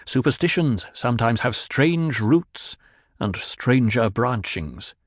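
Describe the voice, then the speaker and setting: A man's voice: mid-range voice, expressive, slow, dry recording, clean studio sound. The speaker, a man voicing a cold, commanding young duke.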